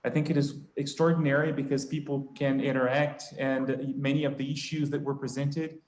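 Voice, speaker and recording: A man's voice: mid-range voice, level tone, normal speed, darkish tone, echoey room, poor audio. A man moderating an online event, speaking politely and formally to open the questions. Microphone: video call.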